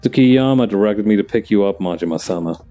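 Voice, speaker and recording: A man's voice: on the low side, a little fast, warm tone, faint music behind, pitched below the performer's own voice, natural voice. A man voicing a polite, formal young woman working as an assistant, for a fan dub of a game. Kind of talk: fan voice-over of game dialogue.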